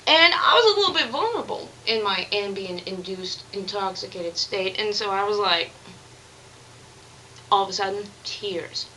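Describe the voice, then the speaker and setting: A woman's voice: medium pitch, expressive, moderate pace, bright, forceful tone, slight background noise, rough recording. A young woman vlogging, telling a personal story in a candid, earnest, rambling way with many restarts. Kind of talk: confessional vlog monologue.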